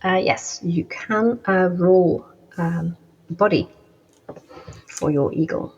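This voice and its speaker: A woman runs a tabletop game as game master, narrating with plenty of pauses and fillers. Her voice sits low and husky. The recording is dull and lo-fi. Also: darkish tone. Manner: hesitant, filler-heavy narration.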